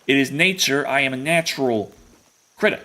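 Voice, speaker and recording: A man voicing a surly, territorial male bear with a Brooklyn accent and a gruff, cursing, pushy manner. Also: mid-range voice, moderate pace, pushed and bright, natural voice, poor audio. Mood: defiant.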